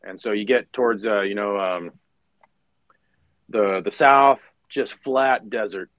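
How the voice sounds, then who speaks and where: A retired Marine officer, middle-aged, appears as a podcast guest and tells war stories, acting out other people's lines, swearing casually, and filling his speech with fillers and restarts. His voice is on the low side and he takes his time. The low-quality recording has no room sound.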